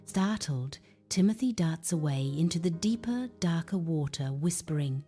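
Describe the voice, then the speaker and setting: A woman's voice: lowish voice, normal speed, hardly any pauses. A woman narrating a children's Bible story, reading aloud expressively. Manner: expressive, animated read-aloud. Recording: faint background music.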